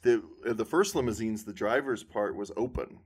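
A man's voice: lowish voice, moderate pace, husky. A man in casual group chat, rambling through long explanations with frequent restarts.

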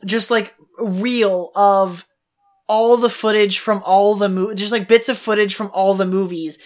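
A woman chatting casually as a podcast co-host, an animated storyteller. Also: medium pitch, unhurried. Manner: animated storyteller, laughs and gets teary. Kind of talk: casual chat.

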